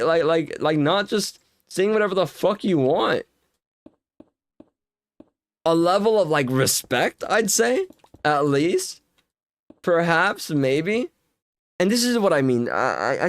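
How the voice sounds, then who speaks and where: A man's voice: a little high, dry recording, clean studio sound. A young man streaming and chatting casually while gaming, ranting heatedly with lots of swearing and filler words.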